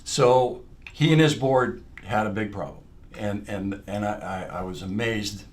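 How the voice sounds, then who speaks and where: A man's voice: on the low side, unhurried. A middle-aged man, a guest from the fair business, telling long rambling anecdotes in a casual, blunt way. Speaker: guest, fair industry executive. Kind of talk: casual storytelling chat.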